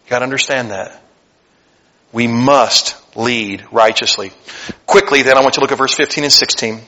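Animated male preacher in a reverberant hall. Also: medium pitch, moderate pace. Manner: animated preaching, swings from loud to hushed. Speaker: pastor. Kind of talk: sermon.

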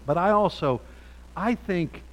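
A man preaching a sermon from a Bible passage, talking in a halting way with many restarts and frequent rhetorical "right?"s. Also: high-pitched, rough recording.

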